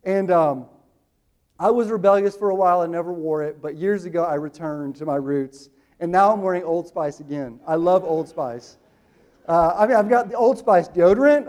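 Quoted lines get a slow, booming treatment from this pastor in his thirties as he preaches, while his asides turn quick and hushed.

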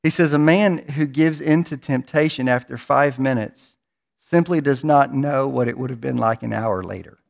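A man's voice: mid-range voice, normal speed, creaky. A man preaching a sermon in a church, in an earnest manner, often repeating words as he builds toward a point. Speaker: pastor.

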